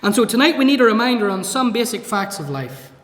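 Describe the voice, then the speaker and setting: A man's voice: high voice, sing-song, quick pace, a bit bright. A man preaching an evangelistic sermon in a church, emphatic, with rhetorical questions to the congregation. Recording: echoey church hall.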